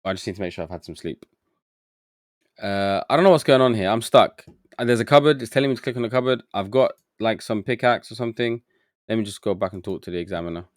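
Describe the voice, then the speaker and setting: Low, dry-voiced man streaming a game. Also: fast talker, no echo. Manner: muttering to himself, easily confused, chatty with chat. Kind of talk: live gameplay commentary.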